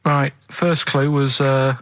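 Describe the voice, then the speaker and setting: A man's voice: medium pitch, flat delivery, takes it slowly, no room sound, poor audio. A man on a radio show running a quiz segment in casual banter, plodding and hesitant, who keeps checking in with "right?" as he talks into a studio microphone.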